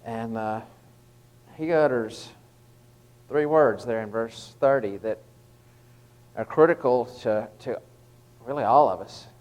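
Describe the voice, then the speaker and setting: Guy doing a laid-back bible devotional, lots of uh's and restarts, middle-pitched voice. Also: takes it slowly, darkish tone, poor audio. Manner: conversational, with frequent fillers and restarts. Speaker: lay preacher giving a short devotional. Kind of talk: informal devotional talk.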